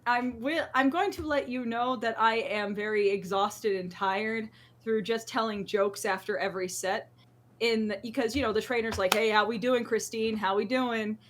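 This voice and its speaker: Brief: woman podcast host, a bit high-pitched, chatty smart-aleck telling gym stories. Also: a little slow. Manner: jokey, self-deprecating, animated storyteller. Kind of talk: casual chat.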